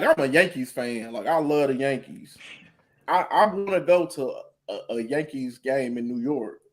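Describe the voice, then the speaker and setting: A man co-hosting a podcast, talking bluntly and emphatically in casual chat. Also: fairly high pitch. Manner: blunt, emphatic, says bro a lot. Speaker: podcast co-host.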